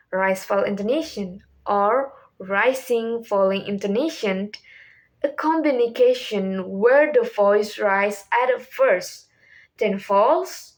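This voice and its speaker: A young woman whose first language is Indonesian, reading a class presentation from a script as questions and answers, with small restarts. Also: mid-range voice. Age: young adult. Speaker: student presenter.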